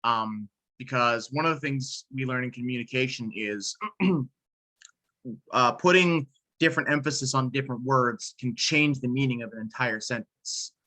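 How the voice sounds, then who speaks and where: Halting man with a bright voice. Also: medium pitch, low-quality recording. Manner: hesitant, many restarts and fillers. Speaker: student. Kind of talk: class discussion.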